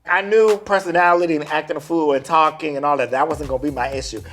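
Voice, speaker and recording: A man who performs in drag, chatting in a casual interview, sassy and animated, full of slangy asides. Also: fairly high pitch, quick pace.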